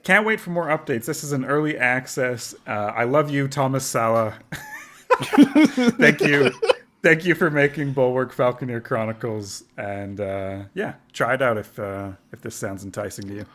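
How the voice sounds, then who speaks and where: A man in casual podcast chat, his voice sitting at an ordinary middle pitch. He laughs easily and slips into playful voices when quoting someone. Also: normal speed, few pauses, fairly bright tone. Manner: laughs often, quotes others in playful voices. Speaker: podcast co-host.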